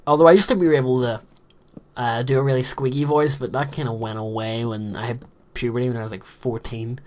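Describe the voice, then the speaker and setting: A man's voice: mid-range voice, fairly even intonation, fairly quick, a little mellow. A man in his late teens gives rambling, self-deprecating commentary while playing a game, recorded in a small closet room. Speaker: gaming commentator. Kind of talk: casual gameplay commentary.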